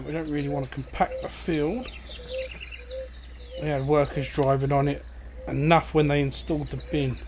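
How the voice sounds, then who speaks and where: A man's voice: fairly high pitch, a little hiss or hum. A man giving casual, rambling commentary on a farming game he streams, full of ums and asides. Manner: relaxed, rambling, many fillers. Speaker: gaming streamer. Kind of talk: casual let's-play commentary.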